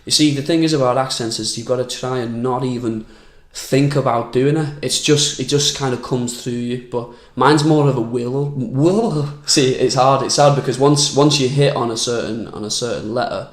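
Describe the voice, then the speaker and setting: Brief: young comedian guest, candid rambling chat, mid-pitched voice, recorded in a roomy space. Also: male voice, normal speed, few pauses. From Manchester, England. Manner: rambling, candid, restarts sentences often. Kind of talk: casual podcast chat. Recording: roomy echoey room.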